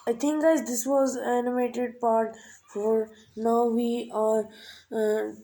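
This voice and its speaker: Woman, reaction host, casual commentary, high-ish voice, slow, loud background noise. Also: level tone, low-quality recording. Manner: gasping exclamations, drawn-out reactions.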